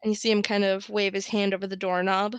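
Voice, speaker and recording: A woman narrating a tabletop game as game master, in a casual way with quiet asides. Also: mid-range voice, little pitch movement, fast, clear, resonant tone, dry recording, muffled recording.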